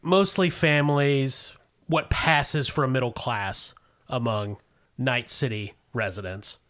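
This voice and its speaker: A man serving as game master for a tabletop role-playing game lays out the setting in a relaxed way, with fillers and restarts. His voice is mid-range and he takes his time.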